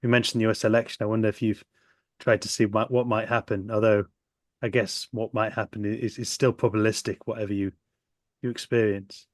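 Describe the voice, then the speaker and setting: A man with a fairly low voice hosts a podcast, asking thoughtful questions. His voice is recorded dry and close, with no room sound. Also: level tone, brisk, dry recording. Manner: thoughtful questions, short backchannel replies. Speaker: podcast host. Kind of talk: casual interview.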